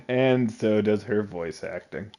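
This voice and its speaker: A man's voice: fairly low pitch, slight background noise. A man live-streaming a video game from home at a desk mic, talking casually, joking and laughing often. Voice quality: laughs often, jokey and animated.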